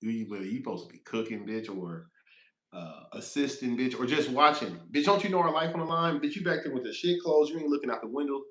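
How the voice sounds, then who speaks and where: A man's voice: mid-range voice, brisk, fairly bright tone, roomy sound. A man who drives trucks, telling a rambling, profane road story on a casual livestream, laughing as he goes.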